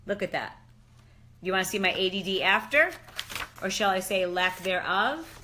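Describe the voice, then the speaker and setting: A middle-aged woman on a casual live chat, excited and exclamatory, slipping into slangy asides. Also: medium pitch, normal speed, a little hiss or hum. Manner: animated and exclamatory, often says "dude". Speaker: fitness and lifestyle expert.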